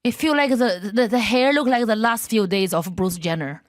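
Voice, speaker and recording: A woman's voice: a little high, moderate pace. A woman guest on a comedy podcast, adding short remarks in slightly non-native grammar. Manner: brief agreeing interjections, non-native grammar. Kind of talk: casual chat.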